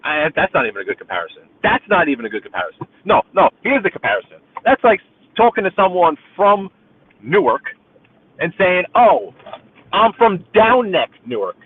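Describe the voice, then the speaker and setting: A man's voice: high voice, big pitch swings, fairly quick, husky. A man from Brooklyn with a New York accent, rambling casually to live-stream viewers while he drives. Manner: rambling, talkative, chatty with viewers. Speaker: live-stream driving host. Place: inside a car. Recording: tinny phone-like audio.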